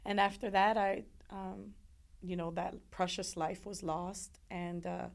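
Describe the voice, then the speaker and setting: Woman, gravelly voice, emotional, halting, restarts often, interview testimony. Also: medium pitch, flat delivery. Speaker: interview guest.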